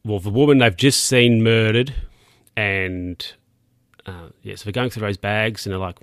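A man's voice: fairly low pitch, normal speed, a bit bright, smooth, no echo, clean studio sound. A man casually recapping a film scene by scene, rambling and correcting himself with plenty of fillers.

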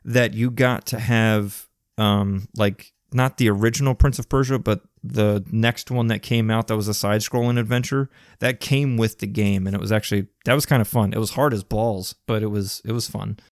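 A man's voice: fairly low pitch, steady tone, moderate pace, few pauses, no room sound, clean studio sound. A man co-hosting a casual chat, enthusiastic and rambling, with casual slang. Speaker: podcast co-host. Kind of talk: casual chat about video games.

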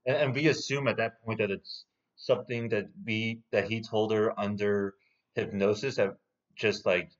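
A man's voice: fairly low pitch, steady tone, moderate pace. A man casually discussing a film, chiming in with short comments and agreements. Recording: dull, muffled sound.

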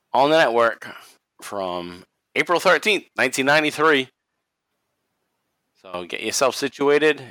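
A man's voice: mid-range voice, sharp tone, no echo. Laid-back Boston man, dry close mic. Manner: laughs often, swears casually. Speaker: podcast co-host. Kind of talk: casual chat watching wrestling.

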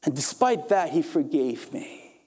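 Impassioned man preaching, mellow voice. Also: on the high side, sing-song, unhurried, husky. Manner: impassioned preaching, rising to emphatic peaks then dropping soft. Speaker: pastor. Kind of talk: sermon.

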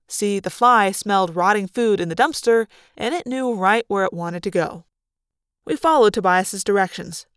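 A woman reading a fan audiobook, narrating in first person with lively, dramatic delivery. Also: medium pitch, no room sound, studio quality. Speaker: audiobook reader.

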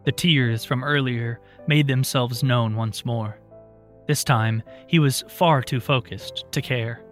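A male narrator reads the story aloud in a calm, steady voice. His pitch sits in an ordinary middle range, and faint music plays underneath. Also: slow pace. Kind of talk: audiobook narration.

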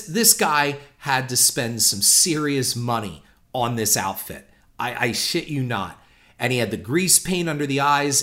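Middle-aged man, mid-pitched voice, casual and lively anecdote telling, blunt and profane. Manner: animated, blunt and profane, acting out the shouting. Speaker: storyteller recalling his old job.

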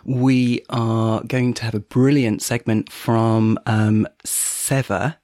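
A man's voice: medium pitch, level tone, takes it slowly, darkish tone, no room sound, clean studio sound. A man hosting a podcast in casual chat, laughing often and filling gaps with ums. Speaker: podcast host.

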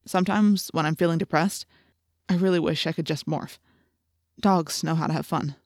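An earnest, friendly teenage boy , as a woman narrator reads him, talks in a low, confiding tone. The voice sits fairly low and sounds close and dry. It is an audiobook reading. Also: steady tone, moderate pace, no echo. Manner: quiet, confiding.

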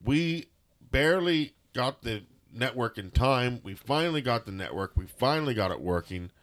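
A man's voice: mid-range voice, lively intonation, moderate pace, fairly bright tone. A man co-hosting a podcast, giving a rambling, jokey wrestling recap in casual chat. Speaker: podcast co-host.

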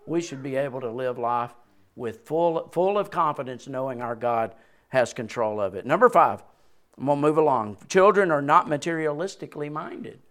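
A man in his sixties preaching a sermon, swinging between loud peaks and quiet drops and chuckling between points. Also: medium pitch, moderate pace. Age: 60s. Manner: animated preaching with sudden rises and drops. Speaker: pastor.

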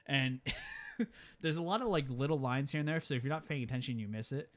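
Young guy excitedly retelling a movie plot, tons of quoted voices. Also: mid-range voice, a little fast. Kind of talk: casual movie recap chat.

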